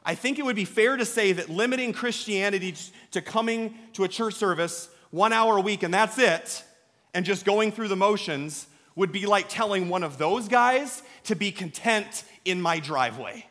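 Male pastor, 30s, storytelling sermon, emphatic and chatty, higher voice, reverberant sanctuary. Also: lively intonation, moderate pace, fairly bright tone. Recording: long hall reverb.

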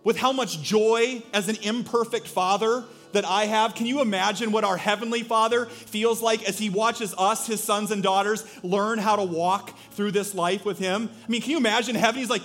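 High-voiced animated male pastor. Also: a little fast, hardly any pauses, soft background music. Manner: animated storytelling, acting out quotes. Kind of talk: sermon.

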